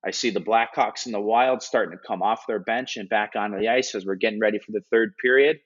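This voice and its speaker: Male sports analyst, lowish voice, earnest animated storyteller, dull lo-fi sound. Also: fast talker. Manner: earnest, animated retelling with many restarts and filler words. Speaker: hockey broadcast analyst. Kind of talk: interview storytelling. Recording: dull lo-fi audio.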